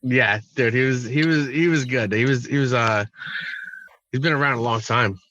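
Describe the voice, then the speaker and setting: A man's voice: medium pitch, normal speed, sharp tone, no room sound, lo-fi sound. A man co-hosting a podcast in a casual chat, cracking crude jokes. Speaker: podcast co-host.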